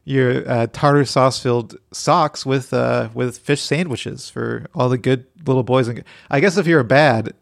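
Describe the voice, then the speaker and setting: A man with a mid-pitched, strongly gravelly voice co-hosts a loose podcast chat. He jokes in a deadpan way and often stammers and restarts his sentences. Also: a little slow, hardly any pauses. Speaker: podcast co-host. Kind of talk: casual chat.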